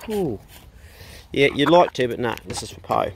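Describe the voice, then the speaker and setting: A man's voice: medium pitch, moderate pace, creaky, noisy background. A middle-aged man with a New Zealand accent, a farmer and pig hunter who chats casually on his vlog and coaxes his dogs fondly outdoors on the farm. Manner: talks fondly and coaxingly to his dogs, relaxed and chatty. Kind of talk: casual vlog talk while tending dogs. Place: outdoors on a rural farm by the dog kennels.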